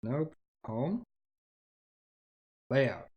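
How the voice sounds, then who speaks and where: On a casual livestream, a man teaches himself a language, sounding out words hesitantly and thinking aloud. His medium-pitched voice is very animated yet very slow, and the recording is muffled.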